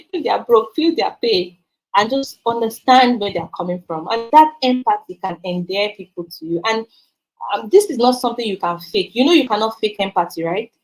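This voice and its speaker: A woman's voice: a little high, expressive, normal speed, rough recording. A woman with a Nigerian accent teaching a sales training, emphatic and repeating words for stress. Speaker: sales coach.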